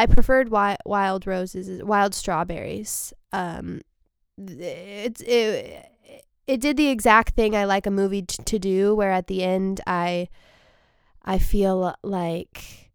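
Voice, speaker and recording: A woman's voice: mid-range voice, gravelly, no echo, studio quality. A young adult woman comedian hosting her own podcast, chatting casually in a rambling, self-deprecating way with frequent restarts. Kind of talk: casual solo podcast chat.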